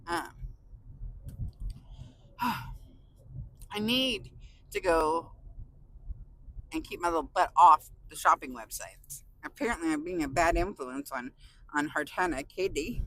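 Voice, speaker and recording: A woman's voice: lowish voice, lively intonation, unhurried, long pauses, pushed and bright, a little hiss or hum, low-quality recording. A woman from California vlogging to her viewers in a casual, gushing, emotional way, often close to tears and laughing. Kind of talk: casual chat to camera.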